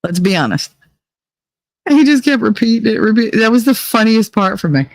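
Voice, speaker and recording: This podcast host has a slightly high, sing-song female voice and a brisk pace. Chatting loosely and candidly with a live audience, she confesses things and veers into blunt, profane sarcasm. The audio is close and dry, no echo or room sound.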